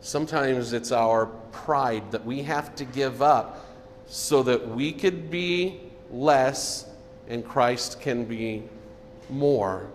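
A man preaching a sermon as pastor, earnest, often dropping to a soft low voice for emphasis. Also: takes it slowly, long reverb tail, a little hiss or hum.

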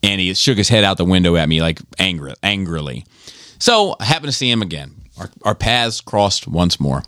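A man with a low, lively voice rambles through a profane anecdote on a podcast. His delivery is loose and animated, with plenty of ums and you-knows. The sound is close and dry. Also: normal speed, no echo. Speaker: podcast co-host. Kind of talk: casual chat.

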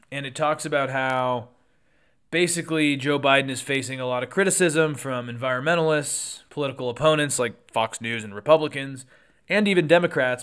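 Smooth-voiced man hosting political commentary. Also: mid-range voice, a bit bright. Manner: conversational, with quick asides and self-corrections. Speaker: political podcast host.

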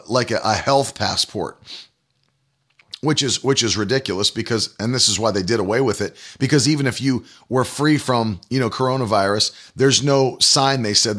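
A man's voice: fairly low pitch, moderate pace, a bit bright, husky. A man hosting a prophecy broadcast, speaking to listeners in an indignant, rambling way, repeating himself with many fillers. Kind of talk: spoken commentary to listeners.

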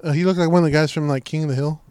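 A man's voice: on the high side, rapid-fire, clean tone, no room sound. A young man in casual chat, telling a story with lots of swearing and acting out what people said. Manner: profane, animated storytelling, voices quoted people.

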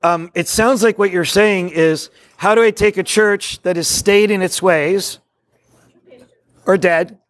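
Excitable high-voiced man leading a workshop. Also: unhurried, no echo. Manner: excitable, rambling, jokey, preacherly. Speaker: workshop speaker on discipleship. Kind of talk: live workshop talk to a group. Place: meeting room with a live audience.

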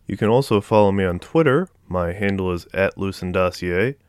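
A man narrating a fiction audiobook in a steady, measured reading. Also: sits low, clear, resonant tone.

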